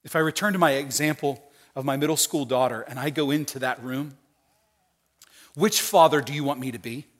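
A middle-aged man preaching a sermon, acting out quoted voices and swinging between hushed, tender lines and loud, emphatic ones. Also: mid-range voice, a little fast. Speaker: pastor.

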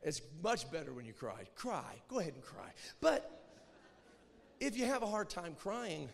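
A man preaching a sermon, moving from hushed storytelling to shouted, emphatic repetition. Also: high voice, big pitch swings, a little slow, vocal fry, long reverb tail.

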